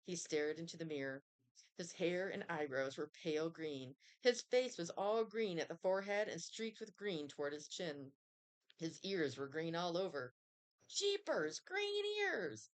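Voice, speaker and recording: A woman reading a children's chapter book aloud in an expressive storytelling manner. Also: deep voice. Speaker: reader.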